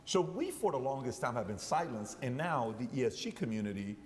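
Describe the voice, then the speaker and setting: A man's voice: mid-range voice, very animated, fairly quick, in a large hall, slight background noise. A man interviewing a guest in a conversational way, telling stories and acting out quoted dialogue. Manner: storytelling, acts out quoted dialogue.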